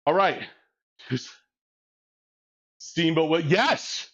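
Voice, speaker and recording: Man in his 40s, cursing, cracks himself up, a bit higher-pitched voice, dull lo-fi recording. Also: moderate pace. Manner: crude, joking, laughs often, excitable storytelling. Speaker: fitness vlogger. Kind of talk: casual chat between sets. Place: gym during a workout.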